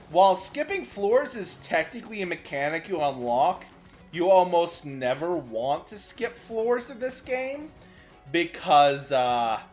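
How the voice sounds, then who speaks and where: A young man streaming a game, chatting with his viewers as he plays and breaking into sudden excited outbursts. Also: on the high side. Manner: chatty, answers chat while playing, sudden excited outbursts. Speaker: VTuber streamer. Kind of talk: gaming livestream commentary.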